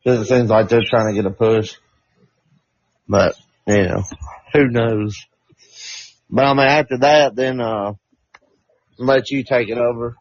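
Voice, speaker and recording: A man co-hosting a podcast, talking casually in halting, hedging phrases full of fillers. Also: medium pitch, steady tone, dry recording. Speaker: podcast co-host. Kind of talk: casual chat. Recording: dull lo-fi dry recording.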